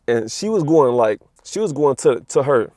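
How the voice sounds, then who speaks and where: This spiritual vlogger is a young man with a mid-range, darkish voice that swings widely in pitch at a normal speed. Talking casually to camera about spiritual energy, he curses, repeats himself, and leans on street slang and "you know what I'm saying." It's a dry, studio-quality recording.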